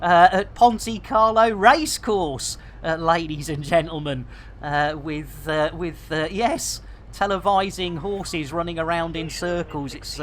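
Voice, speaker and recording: Barnsley man, middle-aged, game streamer, playful banter, catchphrases. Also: fairly high pitch. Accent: Barnsley, Yorkshire. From England. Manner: jokey, chatty, with playful catchphrases. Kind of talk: live gameplay stream chat.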